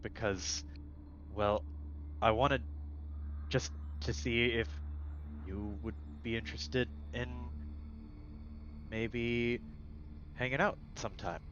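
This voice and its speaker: A man's voice: mid-range voice, slow pace, long pauses, dull audio, slight background noise. Man doing a stammering lovestruck guard. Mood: shy whisper. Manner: stammering, hesitant, soft-spoken. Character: nervous smitten male PMC guard, large.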